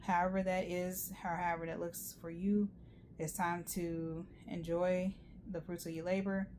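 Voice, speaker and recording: A tarot reader gives a casual, rambling monologue, chatty and full of fillers and asides. Her voice is on the low side and darkish, delivered flatly at a moderate pace, with slight background noise.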